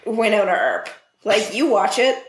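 A woman's voice: medium pitch, very animated, normal speed. A woman co-hosting a podcast, chatting casually in a dry, teasing way. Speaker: podcast co-host. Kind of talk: casual chat. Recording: echoey room with crowd noise.

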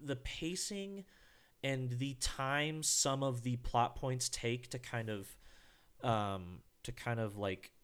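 Rambling casual man with a smooth voice. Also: mid-range voice, takes it slowly, a bit bright. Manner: rambling, self-interrupting, swears casually. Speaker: podcast co-host. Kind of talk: casual chat.

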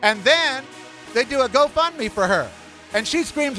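A middle-aged man from the United States rants on his own podcast in a bright, high, lively voice, full of sass and camp. He calls his listeners honey and child. The sound is dry and close. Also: measured pace, faint music behind. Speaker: podcast host. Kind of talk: opinionated solo podcast rant.

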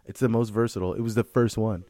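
A man co-hosting a casual comedy chat, loud and profane, laughing and arguing as he talks. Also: on the low side, steady tone, fast, no echo. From Mexico (heritage). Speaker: podcast co-host.

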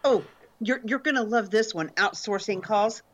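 Woman co-host with a mid-range voice; tells stories in a lively, wry way. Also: medium pitch, moderate pace. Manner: lively anecdote telling, wry. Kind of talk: casual chat.

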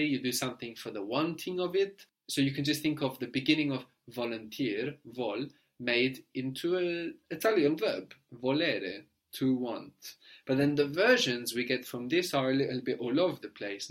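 Male tutor with a mid-pitched voice, patient and prompting, spells words out letter by letter, checks in with "no?". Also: fairly bright tone. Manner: often ends with a checking "no?". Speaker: language teacher. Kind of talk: guided language lesson.

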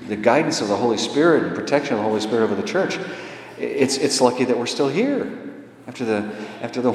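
A man preaching in a conversational storytelling way, his pitch rising when he drives a point home. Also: a little hiss or hum. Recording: echoey hall with long reverb.

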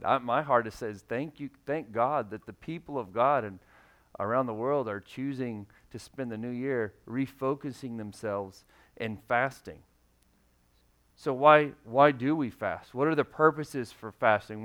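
A man's voice: mid-range voice, a bit bright. Man preaching a conversational sermon. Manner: conversational, acts out quoted voices. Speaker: pastor.

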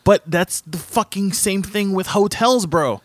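A man's voice: sits high, measured pace. Laid-back man chatting as a guest. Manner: laid-back, swearing, laughing along. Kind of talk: casual chat.

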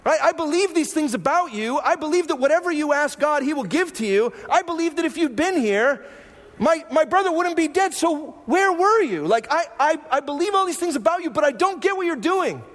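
A man's voice: very high-pitched, expressive, a little fast, hardly any pauses, big-room sound, pitched above the performer's own voice. A man voicing a grieving, frustrated woman who asks exasperated, pleading questions.

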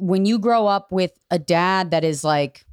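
A woman comedian guesting on a podcast, her voice sitting a little low. She talks candidly and animatedly, swearing freely. The sound is dry and close to the mic. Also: a little slow, smooth, dry recording. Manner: candid, profane, animated storyteller. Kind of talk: casual podcast conversation.

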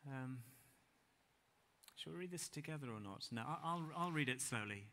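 A man delivers a sermon in a bright, forceful voice. He keeps things conversational and self-deprecating. He builds his lines to emphatic peaks, then drops to a quiet, reflective hush. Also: mid-range voice, lively intonation, normal speed. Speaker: preacher. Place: church hall with congregation.

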